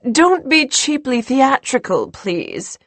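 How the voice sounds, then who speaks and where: A woman's voice: medium pitch, animated, slow pace, dry recording. A woman doing an icy, stern grandmother. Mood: haughty. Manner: icy and clipped. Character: stern cold elderly grandmother.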